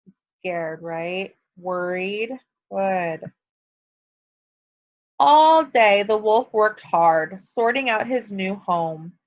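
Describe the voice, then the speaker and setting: A woman's voice: medium pitch, lively intonation, slow. A woman teacher reading a picture book aloud to her students, stopping to ask questions and explain. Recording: dull lo-fi recording.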